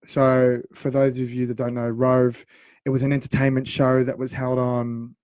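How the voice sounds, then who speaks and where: A man in his thirties, co-hosting a radio show and telling a funny story in a lively, laughing way. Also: mid-range voice, moderate pace, dry recording, clean studio sound. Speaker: radio co-host. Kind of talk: casual storytelling chat.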